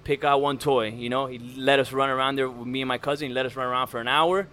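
Relaxed man telling stories, casual. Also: mid-range voice, quick pace. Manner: relaxed storytelling with fillers. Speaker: podcast guest, rapper. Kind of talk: casual conversation.

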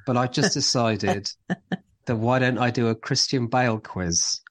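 A man's voice: medium pitch, moderate pace. A man co-hosting a casual podcast, chatting about TV and running a light quiz in a rambling, teasing way. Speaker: podcast co-host.

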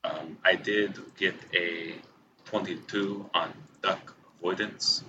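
A man playing a tabletop game as a guest, calm and methodical. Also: sits low, slow, lo-fi sound, heavy background noise. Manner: calm, methodical, hesitant with ums. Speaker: guest player. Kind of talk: casual chat at a tabletop game.

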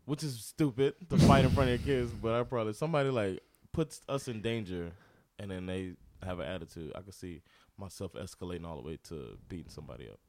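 A man's voice: sits low, quick pace, few pauses, a little mellow. A man, a guest telling a story in casual talk, laughing often and putting on voices for the people he quotes.

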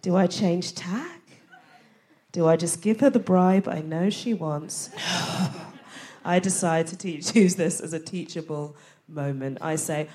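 A woman's voice: fairly low pitch, takes it slowly, a little mellow, a little hiss or hum. A young woman with a posh London accent doing stand-up comedy on a live theatre stage, with a punchy, cheeky delivery. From England and Ghana.

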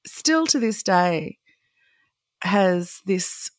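A woman's voice: fairly low pitch, expressive, extremely slow, no echo, studio quality. A woman in her forties co-hosting a casual chat, candid and impassioned, laughing often. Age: 40s. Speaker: podcast co-host.

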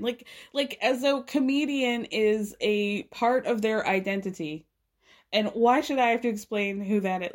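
Animated, profane woman hosting a recap. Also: fairly high pitch, moderate pace. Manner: profane, animated, laughing often. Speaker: podcast host. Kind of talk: casual TV recap chat.

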